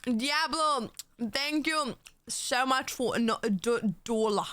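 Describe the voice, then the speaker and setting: High-voiced playful woman streamer. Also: slow, a bit bright, dry recording. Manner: playful, laughing, thanking donors. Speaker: livestreamer. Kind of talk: casual live-stream chat.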